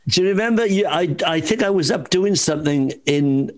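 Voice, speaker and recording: A man's voice: a little high, animated, a little fast. A man co-hosting an interview, reminiscing with the guest. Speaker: co-host. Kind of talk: conversational interview.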